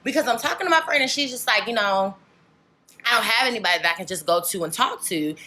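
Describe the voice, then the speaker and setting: A woman's voice: mid-range voice, lively intonation, fast talker, sharp tone. A young woman vlogger chatting candidly to camera, rambling and filling with "like" and "legit". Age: young adult. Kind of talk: casual chat to camera.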